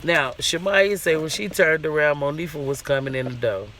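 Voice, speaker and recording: A man's voice: a little high, normal speed, bright, forceful tone, a little hiss or hum. A man vlogging a casual, profane rant in an indignant, questioning way.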